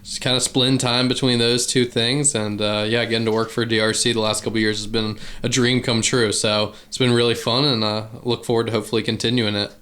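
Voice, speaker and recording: A man in his early twenties from Virginia with a light Virginian accent, a guest chatting in a relaxed, easygoing way. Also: medium pitch, brisk, few pauses. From Virginia, USA. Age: early 20s. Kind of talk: casual chat.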